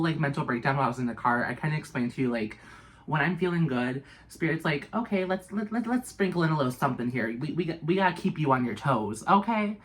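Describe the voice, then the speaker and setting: A young woman vlogger with a deep voice tells a storytime tale casually and animatedly, packed with fillers and swearing.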